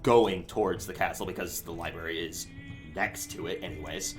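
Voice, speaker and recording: A man narrating as game master of a tabletop role-playing game, in a relaxed, rambling way with many fillers. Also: deep voice, normal speed, soft background music.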